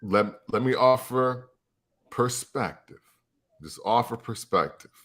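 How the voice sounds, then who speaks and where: Slow-talking laid-back man. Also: medium pitch, expressive, fairly bright tone. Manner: laid-back, laughing often. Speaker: podcast co-host. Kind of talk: casual podcast chat.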